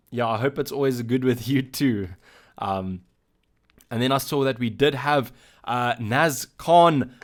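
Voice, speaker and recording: A man with a South African accent hosting a casual live-stream Q&A, reading out chat messages and answering them in a loose, halting way. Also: medium pitch.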